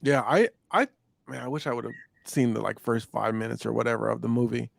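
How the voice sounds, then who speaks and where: A man's voice: mid-range voice, brisk, vocal fry, no echo, clean studio sound. A young man co-hosting a casual chat podcast, talking in a laid-back, rambling way with lots of fillers and restarts. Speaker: podcast co-host.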